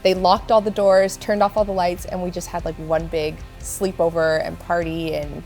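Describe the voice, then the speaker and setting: A woman's voice: on the low side, level tone, moderate pace, gravelly, darkish tone. A young woman hosting a casual church discussion in a friendly, conversational way. She keeps the talk moving with questions for the others. Faint music plays behind her. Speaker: host.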